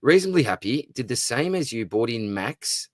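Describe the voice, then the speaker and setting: A man's voice: medium pitch, very animated, normal speed, dry recording. A man with an Australian accent hosting a live fantasy football stream, reading viewer comments and answering them in a chummy, upbeat way. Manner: chummy and upbeat, calls viewers mate and brother. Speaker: fantasy football livestream host.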